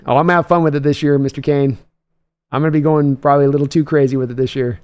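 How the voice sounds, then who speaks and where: A man's voice: a little high, steady tone, racing, a little mellow. A man hosting a casual livestream, chatty, reading viewer comments aloud and chuckling often. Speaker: host.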